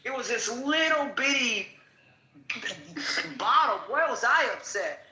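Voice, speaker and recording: A man hosting a casual show, telling a story in an animated, laughing, colloquial way. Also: very high-pitched, slow. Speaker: host. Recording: echoey room.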